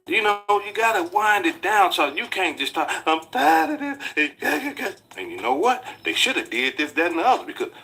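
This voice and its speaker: A man giving casual commentary, mocking and lecturing in a drawn-out way. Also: a little high, bright, forceful tone, husky.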